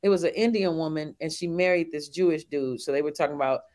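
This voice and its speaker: High-voiced, laid-back chatty man. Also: fast, a little mellow. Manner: laid-back, chatty, nerdy asides, laughs often. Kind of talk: casual podcast chat.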